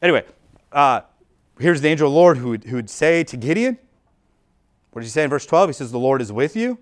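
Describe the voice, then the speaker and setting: A man's voice: a little high, lively intonation, fast. A man preaching a sermon as a pastor in an informal, explanatory way, often restarting phrases and leaning on "like" as he works through the text. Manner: casual and explanatory, frequent "like" and restarts. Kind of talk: conversational sermon.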